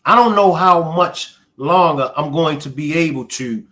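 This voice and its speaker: Male live stream host, emotional commentary, bright high-leaning voice, AAVE speech. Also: measured pace. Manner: emotional, reacting to clips and chat.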